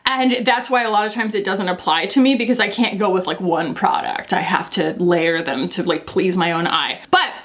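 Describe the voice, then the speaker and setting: A woman's voice: medium pitch, normal speed, few pauses, a bit bright. An American woman in her twenties or thirties, chatting candidly and casually through a makeup review with frequent laughs. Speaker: beauty vlogger.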